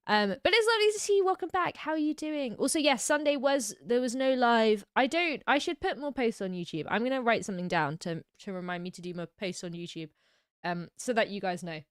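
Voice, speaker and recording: A woman's voice: a little high, animated, brisk, smooth, no room sound, studio quality. A young woman from Britain chatting on a livestream and reading out viewers' messages, with a slightly scratchy throat. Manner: chatty, reads chat messages aloud. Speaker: streamer. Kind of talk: casual livestream chat.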